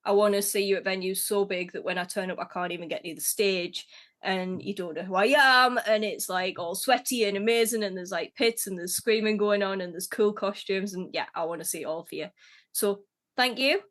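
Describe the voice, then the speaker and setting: A woman hosts a relaxed interview, talking in a chatty, storytelling way. She laughs often and slips into little quoted voices as she tells her stories. Her pitch sits in the middle for a woman. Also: brisk. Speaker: podcast host. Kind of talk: casual interview chat.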